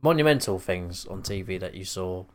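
Brief: easygoing podcast co-host, fairly low voice, quick to chuckle. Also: male voice, animated. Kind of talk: casual chat.

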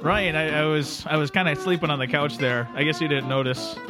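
A man's voice: fairly high pitch, brisk, over music, close to an everyday voice. A man voicing a friendly, easygoing Canadian buddy with a put-on Canadian accent who says "buddy" and "eh" in a rambling, apologetic way, as a comedy bit on a podcast. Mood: cheery. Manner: calls everyone buddy, ends lines with eh, apologetic and rambling.

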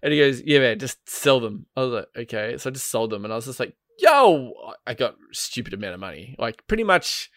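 A man's voice: mid-range voice, quick pace, hardly any pauses, fairly bright tone, no room sound. Rambling New guy, dry mic. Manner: rambling, laughing, full of fillers and swearing. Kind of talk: casual gaming chat.

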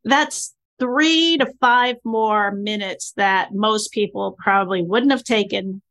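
A woman's voice: mid-range voice, slow pace, a bit bright. A woman hosting a casual podcast, chatty and emphatic, affirming her guest. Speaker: podcast host.

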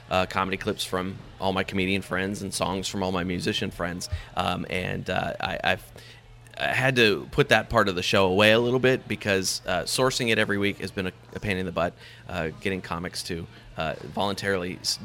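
A man with a very low voice and a bright, forceful edge, chatting as a guest about his podcast. He rambles, restarts often and laughs easily. Faint background noise sits under the voice. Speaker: podcast host, guest on another show. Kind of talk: casual interview chat.

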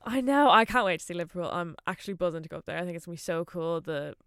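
A woman's voice: lowish voice, lively intonation, racing, fairly bright tone, smooth, no echo, clean studio sound. A woman co-hosting a podcast in casual, enthusiastic chat, often using fillers like "kind of". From Ireland. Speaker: podcast co-host.

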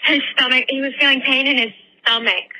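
A woman's voice: high voice, steady tone, fairly quick, sharp tone, low-quality recording. A woman hosting a podcast, telling a story in casual chat, full of swearing and fillers, on a headphone microphone. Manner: swears constantly, rambling with many fillers. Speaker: podcast host.

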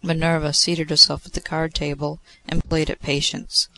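Guy reading an old story aloud, gravelly voice, kinda theatrical. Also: on the high side, flat delivery, moderate pace, pushed and bright, rough recording. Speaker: narrator. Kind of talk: audiobook narration of classic fiction.

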